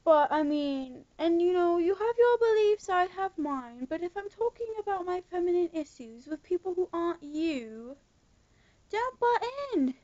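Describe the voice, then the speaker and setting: A woman's voice: very high-pitched, animated, a little slow, warm tone, no room sound, dull audio. A young woman doing a put-on British accent, ranting sarcastically in a casual vlog from her bedroom. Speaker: vlogger.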